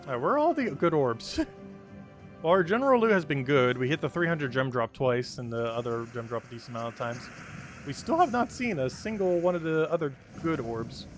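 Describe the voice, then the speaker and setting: A man's voice: on the high side, sing-song, brisk, soft background music. A man chatting casually as a live streamer while playing, answering his chat and laughing often. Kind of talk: casual gameplay commentary.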